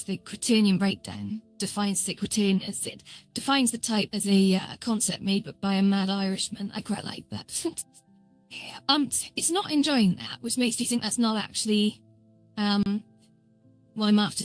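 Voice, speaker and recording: A woman chats casually on a live stream as she builds something, her voice sitting at an ordinary middle pitch. She rambles with frequent ums and pokes fun at herself, and faint music plays quietly behind her. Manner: rambling and self-deprecating, lots of filler words. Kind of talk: casual live-stream commentary while coding.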